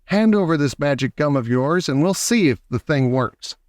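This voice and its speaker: A man voicing a pushy, demanding gum-chewing girl who talks loudly and brattily. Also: a little high, lively intonation, normal speed, dry recording, studio quality, natural voice. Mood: bratty.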